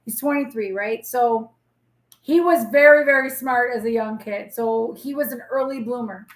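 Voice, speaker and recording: A woman's voice: on the high side, moderate pace, roomy sound. A woman in her forties hosting a casual live tarot reading, chatty, blunt and reassuring as she talks straight to viewers.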